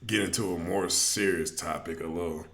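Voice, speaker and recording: A man co-hosts a sports podcast in a laid-back, hesitant manner, with frequent fillers. His voice is very low, with a bright, forceful edge. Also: steady tone, normal speed. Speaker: podcast co-host. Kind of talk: casual sports chat.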